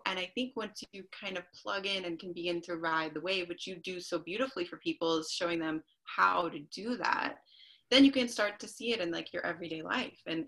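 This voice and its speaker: A woman hosting a podcast interview, rambling casually with lots of fillers. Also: fairly low pitch. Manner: warm-hearted rambling with many fillers. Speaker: podcast host.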